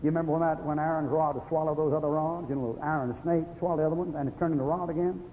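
A man's voice: fairly high pitch, steady tone, racing, slight background noise. An older man, a Baptist preacher delivering a folksy sermon, telling stories with chuckles and breaking into angry tirades. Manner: folksy storytelling with sudden angry outbursts and chuckles. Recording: tinny phone-like old radio broadcast in a hall.

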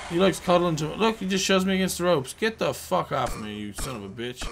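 A man commentating his own video game play, joking around and bursting into loud, profane outbursts. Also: on the high side, fairly quick, gravelly, background noise. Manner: profane, excitable outbursts and rambling jokes. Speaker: gameplay commentator.

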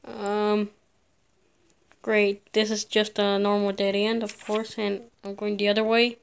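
A woman's voice: mid-range voice, completely flat delivery, measured pace, vocal fry, clear, resonant tone. A frightened woman commenting on a horror game as she plays, jittery and laughing nervously. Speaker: gamer.

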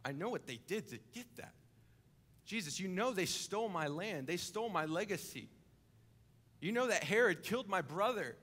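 A man's voice: fairly high pitch, very animated, brisk, hardly any pauses, slightly rough, in a large hall. A man acting out a grieving first-century listener whose land was taken, pleading as his voice rises. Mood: anguished.

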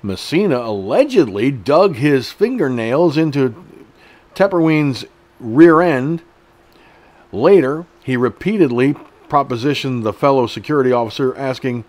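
A man's voice: medium pitch, big pitch swings, a little slow, darkish tone. A middle-aged man hosting an online news show, reading an article aloud and breaking off into blunt, profane, indignant commentary.

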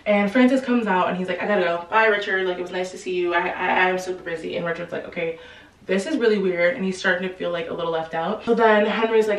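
A woman casually retelling a novel's plot in a chatty, slangy way, quickly acting out the characters' lines. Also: lowish voice, reverberant, distant mic, low-quality recording. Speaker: book explainer. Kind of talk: casual book recap.

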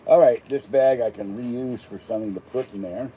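A man's voice: medium pitch, moderate pace, dull audio, slight background noise. An older man from Pittsburgh, chatting casually and rambling between topics as he unboxes an item. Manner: chatty, digressive, self-deprecating asides. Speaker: unboxing vlogger.

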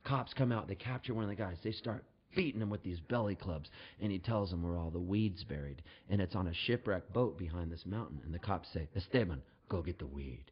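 A man spins a funny story for a live crowd, animated and jokey as he builds to each punchline. His voice sits on the low side. The recording is dull and lo-fi. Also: brisk, hardly any pauses, husky. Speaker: singer-songwriter telling a story on stage.

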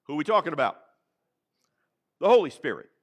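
A man with a Texan accent preaching a sermon in church, dramatic and animated, calling on the congregation to answer back. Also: a little high, brisk. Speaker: pastor. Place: church sanctuary.

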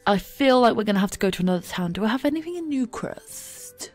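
A woman's voice: on the high side, lively intonation, fast talker, no echo, faint music behind. A woman giving chatty, giggly let's play commentary into a desk microphone at home. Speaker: gaming YouTuber.

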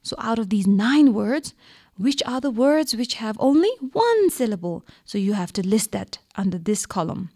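A woman's voice: on the high side, big pitch swings, moderate pace, warm tone. A woman teaching a radio lesson to young children, patient and coaxing, asking questions and answering them herself. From Bhutan.

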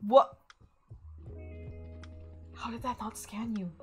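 A young woman from Saskatchewan chatting excitably while streaming a game, often squealing and laughing. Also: fairly high pitch, slow pace, soft background music. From Saskatchewan, Canada. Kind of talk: live gameplay stream chatter.

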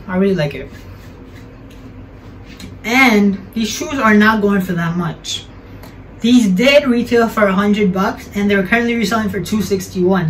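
A man's voice: high-pitched, a bit bright, distant mic, a little hiss or hum, poor audio. A young man chatting casually as a sneaker vlogger, slangy and correcting himself as he goes.

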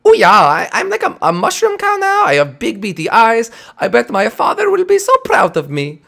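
A young man voicing a goofy male mushroom cow in a squeaky, whiny way in an improvised game role-play. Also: huge pitch swings, moderate pace, vocal fry, pushed and bright, exaggerated voice. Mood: proud.

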